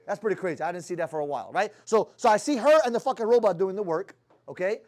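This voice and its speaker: A high-pitched man talks at a rapid clip, coaching his sales team. He is blunt and swears constantly, throwing rhetorical questions at the people in front of him. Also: animated, a little mellow. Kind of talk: motivational talk to his team.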